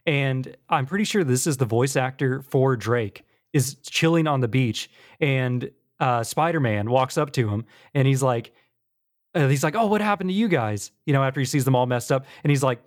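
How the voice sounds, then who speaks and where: A man's voice: mid-range voice, moderate pace. A man hosting a podcast in casual chat, telling stories in an easygoing way and moving the show between segments. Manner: easygoing storyteller, runs the segments. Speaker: podcast host.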